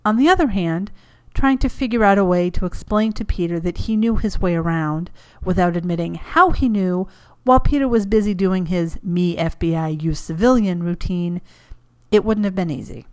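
A woman narrating a story as an audiobook, reading in a steady, even way. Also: medium pitch, normal speed, clean tone.

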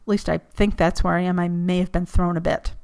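Woman reading a hoarse, breathless trapped agent. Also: lowish voice, little pitch movement, fairly quick, darkish tone. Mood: wry.

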